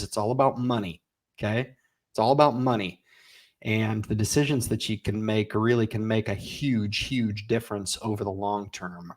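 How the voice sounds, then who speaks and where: A man in his forties hosting a casual livestream, reading viewer comments and urging them on in an energetic, folksy way. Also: on the low side. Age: 40s. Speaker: livestream host.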